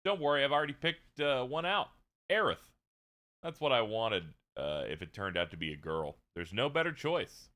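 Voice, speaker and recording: A man voicing a gentle, devoted male professor who dotes on his wife and baby daughter. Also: medium pitch, very animated, moderate pace, pitched above the performer's own voice. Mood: doting. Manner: doting, tender.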